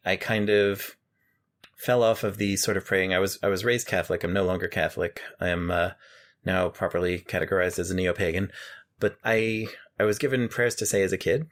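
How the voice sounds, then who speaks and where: A very deep-voiced man from New York City talks through a movie with his co-host. He recounts scenes with animated energy and drops into the characters' quoted lines as he goes. It is a relaxed, conversational podcast review. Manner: animated retelling with acted-out quotes. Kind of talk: casual film review chat. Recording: home podcast recording in Queens.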